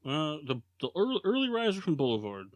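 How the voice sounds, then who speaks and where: A man's voice: fairly high pitch, huge pitch swings, fairly quick, dry recording. A man hosting a casual sports podcast, joking around and rambling with plenty of fillers. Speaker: podcast host. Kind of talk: casual chat.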